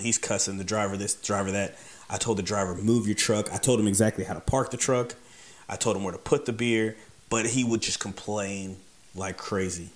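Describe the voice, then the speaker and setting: Guy with a kinda low voice telling a funny work story, chatty and wry, repeats stuff for effect. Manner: conversational, wry, repeats words for emphasis. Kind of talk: casual personal anecdote.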